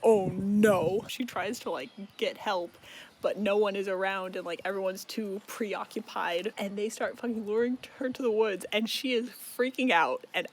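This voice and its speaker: A man's voice: high voice, normal speed, a little hiss or hum, low-quality recording. A man giving a casual, rambling book recap. He swears often and laughs as he talks. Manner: rambling, profane, laughs a lot.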